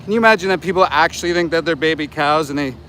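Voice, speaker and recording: This live street vlog comes from a Canadian man in his 40s who stands by a road outside a slaughterhouse and streams on a handheld phone. Speaking very fast in a slightly high voice, he rants indignantly for animal rights and yells at truck drivers as traffic and trucks roll by.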